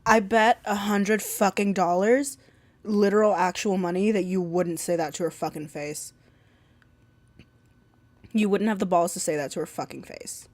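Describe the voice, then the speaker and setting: A woman's voice: mid-range voice, normal speed, no room sound. Profane, laughing woman streamer. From Southern United States. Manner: profane, laughs often, teasing. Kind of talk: casual stream chat.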